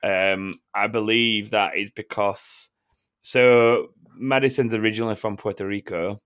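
Man, low voice, casual podcast host, chatty, laughs a lot. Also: steady tone, measured pace, fairly bright tone, clean tone. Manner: chatty, self-mocking, laughs often. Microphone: remote recording software.

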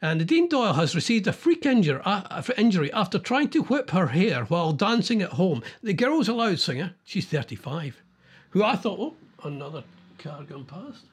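A man's voice: high voice, sing-song, normal speed, husky. A man hosting a casual chat about news stories, rambling and thinking aloud as he goes.

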